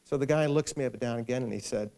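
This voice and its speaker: A man's voice: mid-range voice, fast, creaky, dark tone, slight background noise. A middle-aged man, the featured author at a library event, telling a funny anecdote to an audience and acting out the people in it. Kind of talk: storytelling talk to an audience. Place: event hall before a live audience.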